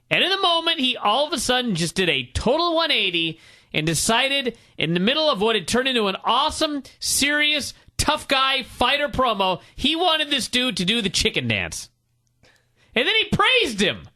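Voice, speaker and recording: Animated, bright-voiced male podcast co-host. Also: very high-pitched. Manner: animated storyteller, acts out quotes loudly. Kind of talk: excited comedic recap.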